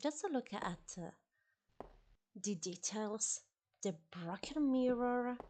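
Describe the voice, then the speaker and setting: A woman's voice: on the high side, animated, slow, mellow, slight background noise. A woman with an Italian accent, a live streamer chatting casually while she plays, laughing often and apologizing for her English. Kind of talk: live-stream gameplay chat.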